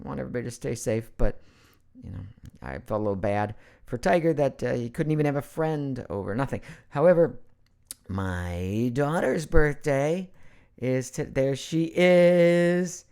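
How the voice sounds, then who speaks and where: A man's voice: mid-range voice, vocal fry, darkish tone, clean tone. Middle-aged guy chatting on a home livestream at his computer, playful, hops around topics. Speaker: voice actor hosting a live Q&A. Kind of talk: casual live-stream chat.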